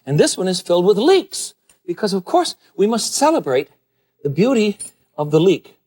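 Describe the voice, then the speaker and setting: A male cooking show host with a fairly high voice that swoops up and down. He talks through dishes to the camera with animated, folksy enthusiasm. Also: normal speed, husky. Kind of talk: TV cooking demonstration.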